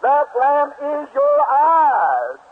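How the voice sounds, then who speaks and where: A preacher voicing a proud, stern high priest who speaks firmly and lectures. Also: male voice, sing-song, very slow, heavily acted. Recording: tinny lo-fi old tape.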